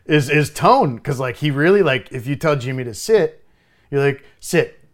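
A young adult man, a bartender, telling a story in casual chat, swearing freely and loudly acting out what he said. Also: mid-range voice, unhurried. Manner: animated, swears freely, loudly acts out his own quoted lines.

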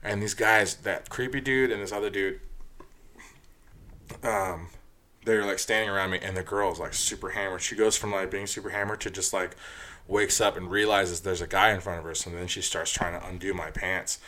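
A man's voice: low voice, fairly even intonation, moderate pace, sharp tone. A man casually telling a long story from his nightlife job, profane and rambling, full of fillers, getting heated as he retells it.

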